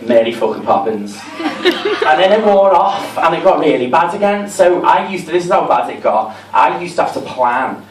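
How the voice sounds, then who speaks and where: Man, Liverpool accent, stand-up comedian, camp and chatty, slightly raised pitch, roomy distant recording. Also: big pitch swings, normal speed. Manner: camp, chatty, self-mocking. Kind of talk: stand-up set. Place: comedy club stage. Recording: roomy, distant, with crowd noise.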